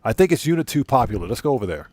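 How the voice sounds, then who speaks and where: A man's voice: medium pitch, very animated, very fast, a little mellow, no room sound. A man chatting casually with viewers while streaming a game, greeting them by name and often repeating and correcting himself. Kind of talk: casual livestream chat.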